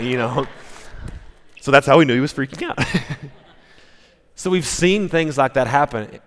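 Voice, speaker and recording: A man's voice: mid-range voice, moderate pace, pauses often. A male pastor preaching a sermon, telling stories in a conversational way with frequent restarts. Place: church sanctuary. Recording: long reverb of a church hall.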